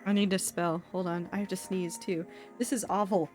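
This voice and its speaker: A woman's voice: on the low side, fairly even intonation, normal speed, darkish tone, soft background music. Woman streamer, casual rambling chat, playful and self-deprecating. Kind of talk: casual chat while gaming.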